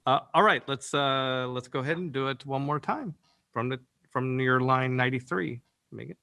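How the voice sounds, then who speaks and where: A man's voice: mid-range voice, moderate pace, gravelly, bright, forceful tone. A man directing voice actors in a recording session, giving rambling instructions full of fillers over a video call.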